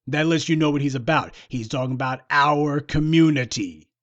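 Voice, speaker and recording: A man's voice: mid-range voice, quick pace, no echo, lo-fi sound. Scornful man lecturing in a dry voice. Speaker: political commentator. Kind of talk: solo commentary monologue.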